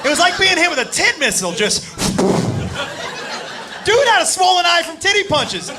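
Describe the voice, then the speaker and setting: A man performing stand-up comedy on stage, telling a story loudly and animatedly with plenty of profanity and frequent shouting at the crowd. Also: very high voice, big pitch swings, moderate pace, over loud music. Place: comedy stage before a live audience. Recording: live club recording with crowd laughter and noise.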